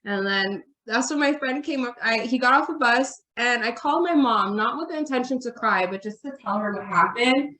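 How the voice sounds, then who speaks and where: A woman guest on a podcast, telling a personal story in a chatty, animated way with lots of "like" fillers. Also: on the high side, moderate pace, few pauses. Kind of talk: casual storytelling chat. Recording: roomy echo.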